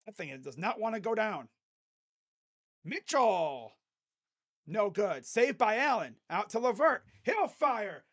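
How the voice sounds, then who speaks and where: A fan streamer calling a basketball game live, play-by-play style, mixing excited calls with sarcastic jokes and quiet mutters. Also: mid-range voice, takes it slowly, long pauses. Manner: joking, sarcastic asides. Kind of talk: casual live play-by-play reaction.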